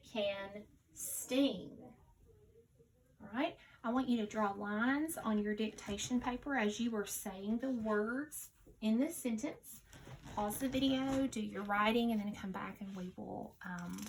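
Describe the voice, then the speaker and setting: A woman teacher with a slightly high voice leads a recorded phonics dictation lesson, sounding out each word slowly and deliberately, with slight background noise.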